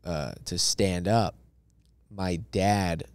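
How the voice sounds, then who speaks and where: A man, a comedian guest on a podcast, telling a story in casual, lively fashion and acting out the people in it. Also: low-pitched, extremely slow, clear, resonant tone, dry recording. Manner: animated, acts out characters in his story.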